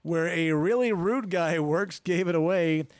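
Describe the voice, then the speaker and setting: Higher-voiced male co-host, dry sound. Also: unhurried, no room sound. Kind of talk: casual chat, reading viewer emails.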